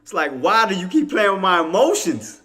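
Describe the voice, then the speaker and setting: A man with a fairly high, bright voice gives live day-trading commentary to his viewers. He teases and laughs loudly one moment, then mutters quietly to himself while he works his orders. His speech is loose and full of slang. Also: normal speed. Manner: animated, laughing, teasing, slangy; drops to low muttering while placing orders.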